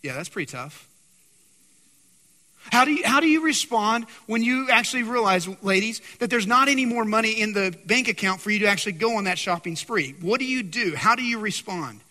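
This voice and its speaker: A man preaching to his congregation with a high, bright, forceful voice, constantly quizzing the listeners. His sermon rings through a church sanctuary with a long reverb tail. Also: brisk. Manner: animated, keeps quizzing the congregation. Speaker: pastor.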